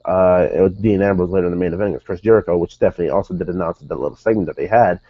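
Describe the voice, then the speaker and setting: A man with a lowish voice talks through a wrestling recap in a loose, rambling way, stopping to correct himself and tossing in "dude" and "like". The recording is dry and a little dull, with no room sound around him. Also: racing, dry recording. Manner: rambling, self-correcting, says "dude" and "like" a lot. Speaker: wrestling show reviewer. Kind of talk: casual recap commentary.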